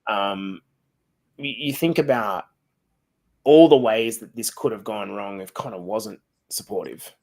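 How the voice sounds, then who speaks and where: A man's voice: fairly low pitch, unhurried, creaky, darkish tone. A man hosting a casual podcast chat, blunt and swearing freely. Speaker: podcast host.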